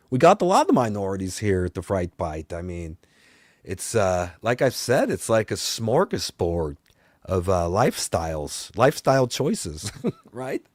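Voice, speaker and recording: A man's voice: low voice, dry recording, studio quality. A man playing a boastful vampire talk-show host, telling a rambling, exasperated story and swearing along the way. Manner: rambling and exasperated, swears, voice often climbs and grows loud. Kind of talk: comedic rant.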